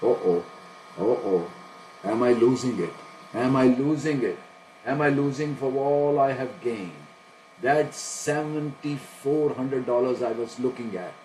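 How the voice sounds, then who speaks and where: A man's voice: a little high, a little mellow, a little hiss or hum, low-quality recording. Anxious, self-questioning male trader. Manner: anxious, self-questioning, laughs nervously, talks to himself. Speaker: day trader streaming a live trade. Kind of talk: live commentary to viewers.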